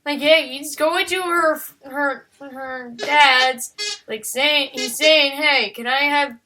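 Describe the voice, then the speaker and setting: High, bright-voiced woman chatting while drawing. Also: fairly even intonation, takes it slowly. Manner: rambling, playful, talks to her dog. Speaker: digital artist. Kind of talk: casual chat while drawing.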